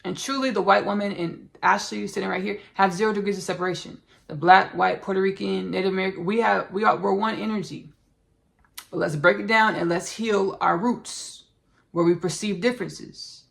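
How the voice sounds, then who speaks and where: A woman with a heavily gravelly, creaky voice speaks in a spiritual monologue. She is earnest and halting, repeats herself and reaches for words with many fillers. Her pitch sits in a middle register. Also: steady tone. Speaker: podcast host.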